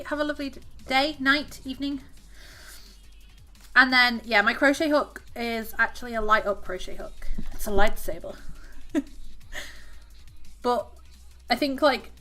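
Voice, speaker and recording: Crocheting during a casual live stream, a bright, chatty woman from southern England giggles, reads out messages from chat, and talks to her cat. Her voice is fairly high in pitch.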